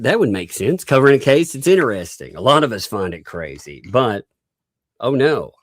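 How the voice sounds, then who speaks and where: Man host, slow, low, dry-miked, wide-ranging pitch. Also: no room sound. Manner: slow, musing, pointed questions with laughs. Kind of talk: live-stream commentary.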